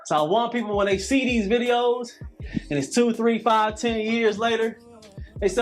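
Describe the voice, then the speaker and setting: A man's voice: extremely high pitch, moderate pace, faint music behind. A man in his late thirties coaching a live calisthenics workout, repeating cues and preaching about hard work. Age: late 30s. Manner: preachy, repetitive motivational cues.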